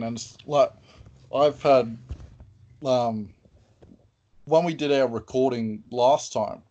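A man's voice: mid-range voice, warm tone, muffled recording. A man hosting a podcast, chatting casually and often hesitating with ums while he thinks aloud. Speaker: podcast host.

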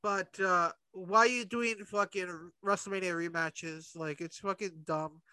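A man with a high, sharp voice adds short replies and then breaks into cussing rants. His sound is dry and close, with no room around it. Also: steady tone, a little slow, clear, resonant tone, no room sound. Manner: short agreeing replies, heavy swearing when ranting. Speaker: podcast co-host. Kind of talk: casual chat.

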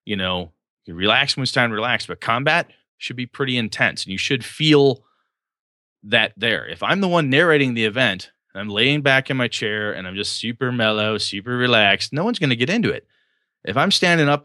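A man hosting a casual talk about running tabletop games, animated and laughing, acting out scenes and swearing freely. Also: medium pitch, fairly quick, no echo, clean studio sound. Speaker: podcast host and game master.

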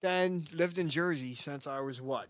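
Man, high voice, dry close sound, profane, rambling. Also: a little slow, dry recording. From New York. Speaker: podcast co-host. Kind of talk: crude casual chat.

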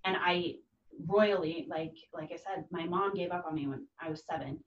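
A woman's voice: lowish voice, moderate pace. Earnest mother in an echoey room. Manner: earnest, heartfelt, acts out quoted voices. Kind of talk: casual conversation. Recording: dull, distant, echoey room.

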